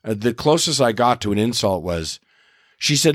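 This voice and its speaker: A man's voice: fairly low pitch, lively intonation, normal speed, fairly bright tone, no echo, studio quality. A middle-aged man, a comedian and podcast host, telling a story in a casual, exasperated way and swearing now and then.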